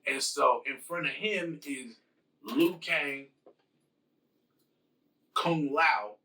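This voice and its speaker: A man casually retelling a film's plot in his own words, halting with fillers and restarts as he quotes the characters. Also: a little high, sharp tone, distant mic, poor audio. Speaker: host retelling a film plot. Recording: voice from away from the mic.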